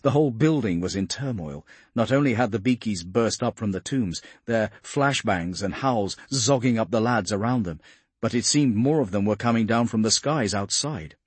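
A man narrates an audiobook in a steady, dramatic way. His voice sits a bit low and carries a husky, breathy grain. The recording is dry and close, with no room sound around it. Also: dry recording.

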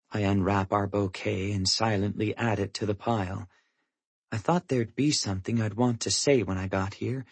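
A man reading a first-person audiobook, in a measured, somber manner. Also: fairly low pitch, husky, dry recording. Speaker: audiobook narrator.

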